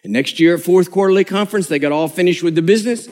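A man preaching a sermon, telling stories in an animated, humorous way. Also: high-pitched, fast.

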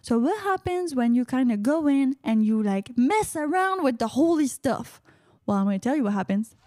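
High, lively woman host. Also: a little fast. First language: French. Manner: playful, chatty, sprinkles "uh-huh" affirmations. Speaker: radio host. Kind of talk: casual radio monologue.

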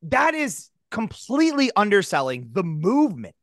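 This is a co-host on a casual podcast. The voice rambles and breaks off mid-thought, then laughs partway through a line. Its pitch swings widely, and the recording is dry and close. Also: huge pitch swings, moderate pace, dry recording. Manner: rambling, self-interrupting, laughs while talking. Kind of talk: casual chat.

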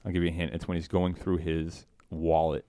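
A man co-hosting a podcast, chatting casually and rambling, breaking into excited quotes of cartoon lines. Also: low voice, fairly quick, clean tone, no echo. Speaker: podcast co-host. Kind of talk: casual chat.

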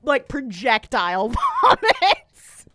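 A woman chatting on a podcast in a high, bouncy voice that swoops up and down as she acts out characters' lines and laughs along. The sound is close and dry, with no room around it. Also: huge pitch swings, slow pace, bright, forceful tone, dry recording. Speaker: podcast co-host. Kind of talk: casual chat recapping a TV show.

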